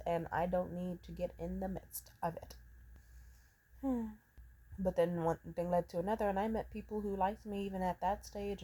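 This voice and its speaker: Young woman vlogger, raw and profane, rambles through an emotional vent at an ordinary pitch. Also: warm tone. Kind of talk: ranting personal vent.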